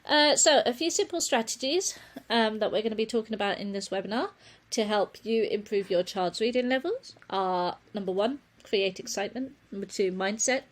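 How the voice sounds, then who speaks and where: A woman presenting a webinar on children's reading, speaking earnestly and often correcting herself with a quick apology. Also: medium pitch. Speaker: reading teacher giving a webinar.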